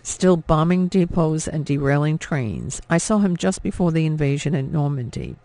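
A warm old Frenchwoman sheltering airmen in an audiobook, as a male narrator puts her on. She sounds worried, with a raised, gravelly voice. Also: fairly high pitch, animated, normal speed, dry recording. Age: older.

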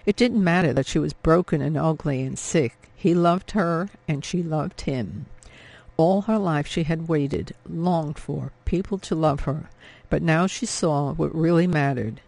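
A man narrating an audiobook in a measured, emotive reading. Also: fairly high pitch, gravelly, a little mellow. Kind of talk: scripted narration.

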